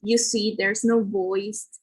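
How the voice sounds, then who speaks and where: A woman's voice: mid-range voice, level tone, slow, husky, poor audio. A woman presenting a phonetics lesson, explaining pronunciation rules carefully, with fillers like "like" and "uh".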